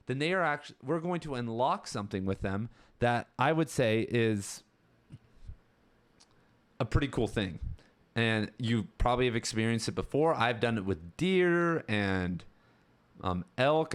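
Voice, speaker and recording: A man hosting a podcast, talking casually and rambling about a book chapter in a relaxed way. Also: medium pitch. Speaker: podcast host.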